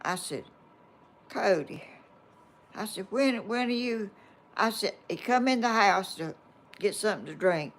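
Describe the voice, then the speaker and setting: With a fairly bright tone and a mid-range voice at normal speed, an older woman vlogger from Georgia, US, wanders through a personal story for her audience. Her manner is homespun and meandering, and she reads viewer comments out loud.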